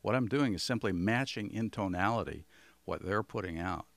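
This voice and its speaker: A man's voice: lowish voice, lively intonation, normal speed, a bit bright, dry recording. A man who works as a communication trainer, giving an instructional talk in a folksy, conversational way with homely examples.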